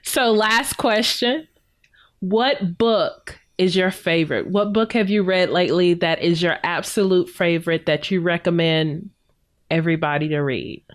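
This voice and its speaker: A woman's voice: lowish voice, a little slow. A woman with a Texas accent hosting a podcast interview, friendly and encouraging. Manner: friendly, encouraging, laughs easily. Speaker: podcast host.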